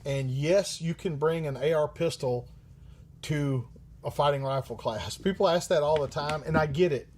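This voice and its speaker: A man's voice: fairly high pitch, moderate pace, a little mellow, a little hiss or hum. A man hosting a livestream who answers viewer questions in a rambling, joking way, swearing often and using many fillers. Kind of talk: casual live-stream chat.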